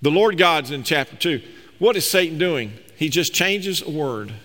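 A man's voice: fairly high pitch, expressive, moderate pace, bright, forceful tone. A man preaching a sermon as pastor, reading scripture aloud and explaining it with emphatic, rising delivery. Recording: long reverb of a large hall.

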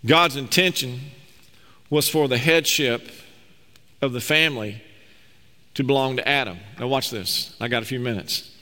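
A man's voice: mid-range voice, moderate pace, long pauses, sharp tone. A man preaching a sermon as pastor, reading scripture aloud and explaining it with emphatic, rising delivery. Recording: long reverb of a large hall.

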